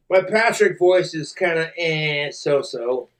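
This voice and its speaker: A man's voice: fairly high pitch, unhurried. A man chatting casually at home, crude and laughing between lines. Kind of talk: casual stream chat.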